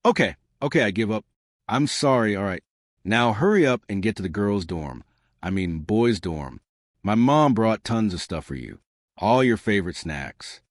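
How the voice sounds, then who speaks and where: A flustered, clingy young college woman who rambles in defensive pleas, put on by a male storyteller. The voice sits fairly low and swings widely in pitch. It sounds close and dry, with no room around it. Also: sing-song, normal speed, no room sound. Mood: pleading.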